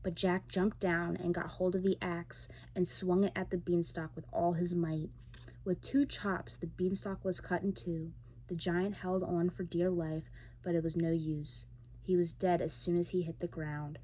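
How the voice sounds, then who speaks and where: A woman reading a fairy tale aloud in a soft, gentle bedtime manner as a whispered role-play ASMR storyteller, close to the microphone. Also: fairly low pitch, level tone, unhurried, slight background noise.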